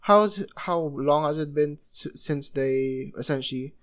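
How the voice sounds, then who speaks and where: Casual: young guy telling a fan story, rambles, says essentially a lot, voice a bit high. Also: measured pace. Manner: rambling, heavy filler use.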